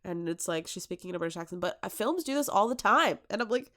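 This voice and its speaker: A young woman in her twenties on a casual podcast, talking in an animated way. She keeps acting out her own reactions as she talks. Her voice sits at an ordinary middle pitch for a woman. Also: fast. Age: 20s. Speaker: podcast co-host. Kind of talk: casual chat.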